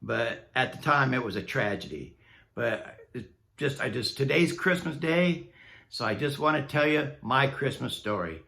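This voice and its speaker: A man's voice: mid-range voice, expressive, normal speed, gravelly, pushed and bright. A man vlogging a personal story in a casual, candid way, laughing at himself as he goes. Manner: candid and self-mocking, laughing at his own misery.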